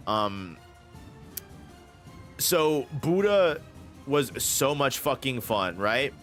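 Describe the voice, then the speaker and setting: A man's voice: mid-range voice, sing-song, very slow, pauses often, fairly bright tone. Male manga reviewer, easygoing and foul-mouthed, mid-range voice, light music underneath. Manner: rambling, profane, enthusiastic with restarts. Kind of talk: casual commentary.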